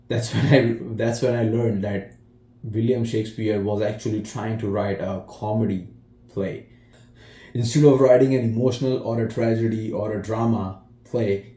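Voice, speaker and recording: Slow, low-voiced man retelling a film. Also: dark tone. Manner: slow, emotional retelling with acted quotes and restarts. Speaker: film reviewer. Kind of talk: casual spoken film review. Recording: echoey room.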